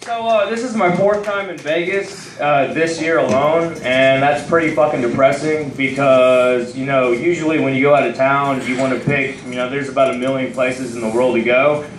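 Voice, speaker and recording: A man's voice: medium pitch, steady tone, moderate pace, few pauses, a little hiss or hum. A young man doing a loose, profane stand-up set on a comedy club stage, rambling through his stories. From Texas. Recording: roomy sound from a distant mic.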